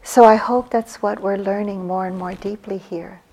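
A woman in her sixties, a meditation teacher giving a gentle, reflective dharma talk on retreat, her phrases trailing off softly. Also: mid-range voice, fairly even intonation. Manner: slow, gentle, reflective storytelling with soft breathy trailing phrases.

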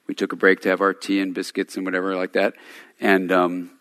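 Brief: male retreat teacher, lowish voice, casual storytelling, long hall reverb. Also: completely flat delivery, brisk, a bit bright. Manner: informal, storytelling, chuckling asides. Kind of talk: talk at a day retreat. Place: meditation center hall.

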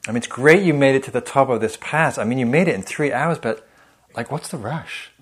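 A man's voice: mid-range voice, a little hiss or hum, pitched above the performer's own voice, lightly acted. A man voicing his own inner critic, a nagging figure that scolds and mocks with sarcastic, exasperated outbursts. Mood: mocking. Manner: sarcastic, exasperated, quick and rising.

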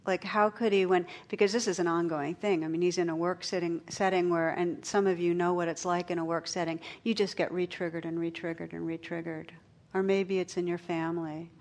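A middle-aged woman giving a meditation talk, telling stories and jokes with gentle pauses. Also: fairly low pitch, little pitch movement. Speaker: meditation teacher. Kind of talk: dharma talk.

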